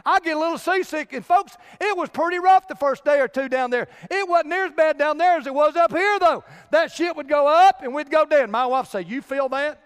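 Preacher, male, very high voice, emphatic pulpit delivery, long hall reverb. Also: brisk, few pauses. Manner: emphatic preaching, addresses the congregation directly. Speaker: pastor. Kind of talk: sermon.

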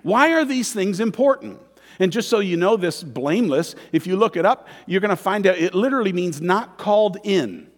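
Guy preaching a sermon, high voice that jumps around a lot, big reverby hall. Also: lively intonation, normal speed. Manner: conversational preaching with tag questions; acts out quoted voices in dialogue. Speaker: pastor.

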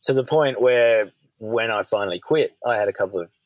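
A man sits as a podcast guest and tells stories about his work, candid and measured. His voice sits fairly low. The recording is dry and close. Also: no echo, low-quality recording. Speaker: podcast guest, surf commentator. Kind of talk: casual conversational chat.

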